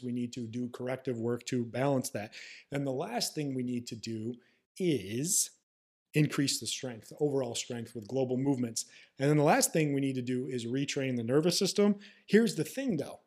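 Profane, blunt husky-voiced man. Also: mid-range voice. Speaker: podcast host, manual therapist. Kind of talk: blunt podcast monologue.

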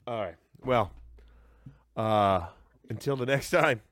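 Excited man on a headset call. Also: fairly low pitch, slow pace, no room sound, studio quality. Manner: excited, rambling, many restarts. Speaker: podcast co-host. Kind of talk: casual reaction chat. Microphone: headset on a remote call.

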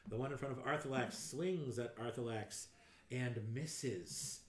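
A man running a tabletop game as game master, narrating lively and acting out sound effects. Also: medium pitch, a little slow. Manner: animated, acts out sound effects and blurts out enemy lines. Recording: roomy echo, faint noise.

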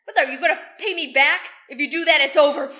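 A woman's voice: high voice, fast, pushed and bright. A woman voicing a raging, foul-mouthed middle-aged man who bullies his partner, in a podcast's dramatic re-enactment. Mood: screaming. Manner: screaming, swearing, sneering.

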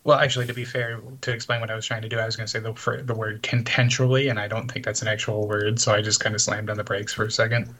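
A man co-hosting a podcast over a video call, with wry, dry humor. He thinks out loud in a casual way. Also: fairly low pitch, little pitch movement, fast, hardly any pauses. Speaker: podcast co-host. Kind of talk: casual chat.

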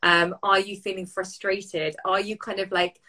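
A woman's voice: medium pitch, flat delivery, moderate pace, sharp tone, low-quality recording. A woman chatting casually as a coach on a podcast, with lots of fillers and playful asides. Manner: chatty, frequent fillers, voices inner thoughts playfully. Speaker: coach and co-host.

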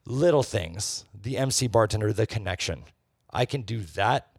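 Low gravelly man, bartender, blunt and profane; dry close sound. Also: moderate pace, dry recording. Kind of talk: casual podcast chat.

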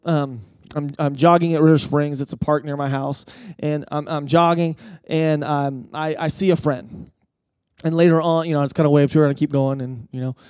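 A male pastor preaching a sermon in a conversational, animated way, often restarting his phrases and building intensity as he tells stories. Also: a little high, dry recording, studio quality. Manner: conversational with frequent restarts and stammers; animated storytelling, rising intensity at key points.

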